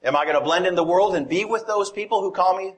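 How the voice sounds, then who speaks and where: Male preacher, slightly high voice, chatty sermon delivery with questions to the congregation. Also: fast. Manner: conversational, asks the congregation questions.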